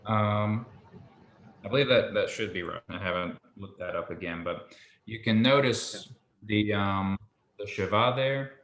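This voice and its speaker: Low-voiced man tutoring Hebrew. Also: a little slow, slight background noise. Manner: relaxed, hesitant, many ums. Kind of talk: patient one-on-one language lesson. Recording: echoey room with faint ambience.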